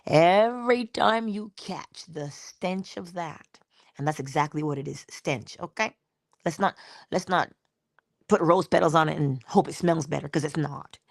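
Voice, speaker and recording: A middle-aged woman giving an inspirational spiritual talk in a conversational, expressive way, slipping into little acted-out quotes. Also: sits low, normal speed, gravelly, dry recording, studio quality. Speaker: inspirational speaker.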